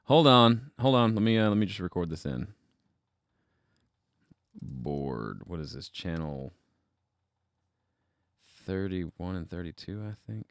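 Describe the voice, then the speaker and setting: A man's voice: low-pitched, big pitch swings, slow, long pauses, no echo. A man hosting a casual livestream from his home studio, rambling and thinking aloud as he troubleshoots, with self-deprecating asides. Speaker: livestream host.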